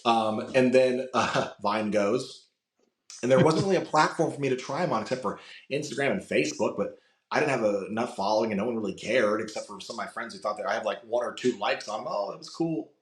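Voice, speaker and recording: A man with a raspy voice, chatting casually as a podcast guest and telling animated stories with a lot of swearing. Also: fairly low pitch, fast. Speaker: guest, voice impressionist. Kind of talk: casual interview chat. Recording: roomy echo.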